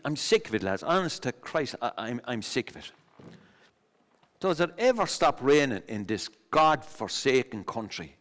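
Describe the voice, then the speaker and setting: An actor playing a rambling, superstitious pub storyteller with an Irish accent, stammering as he spins his tales on a theatre stage. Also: mid-range voice. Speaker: pub regular telling a story. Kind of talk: filmed stage play acting. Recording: long stage reverb.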